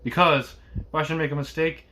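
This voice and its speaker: A man doing a gruff, roaring coach guard. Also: a little high, fairly even intonation, fairly quick, slight background noise, voice pushed up. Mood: gruff threats. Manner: loud, gruff, threatening. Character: wary armed male coach guard, gruff.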